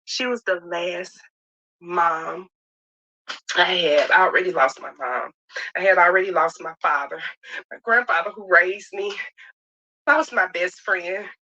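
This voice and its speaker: A middle-aged woman telling a personal story in an emphatic, rapid, heartfelt way. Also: lowish voice, sharp tone. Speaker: reality show cast member. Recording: dull lo-fi clip audio.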